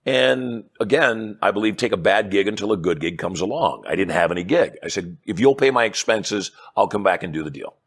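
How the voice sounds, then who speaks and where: A middle-aged man, a hypnotist and persuasion trainer, telling animated stories in an interview and acting out the dialogue. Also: fairly low pitch, brisk, few pauses, husky. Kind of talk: storytelling interview chat.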